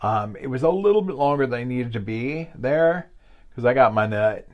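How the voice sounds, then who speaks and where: A man's voice: medium pitch, lively intonation, normal speed, muffled recording. A man co-hosting a podcast, telling long stories in a casual, rambling way with lots of fillers and asides, laughing as he goes. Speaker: podcast co-host. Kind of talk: casual storytelling chat.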